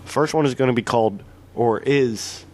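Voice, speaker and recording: A man's voice: medium pitch, moderate pace, a little mellow. A man co-hosting a casual podcast, rambling and crude, often correcting himself mid-sentence. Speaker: podcast co-host.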